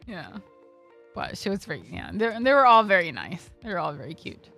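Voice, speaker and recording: A woman's voice: fairly low pitch, big pitch swings, brisk, pushed and bright, faint music behind. A young woman streamer telling a casual story, rambling with lots of fillers and swearing freely.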